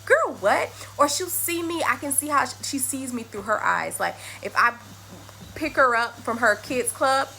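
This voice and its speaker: A woman's voice: high voice, expressive, moderate pace, gravelly, bright, forceful tone, slight background noise. A young woman, a mother chatting casually to camera and acting out her small daughter's lines. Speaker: mother and astrology vlogger.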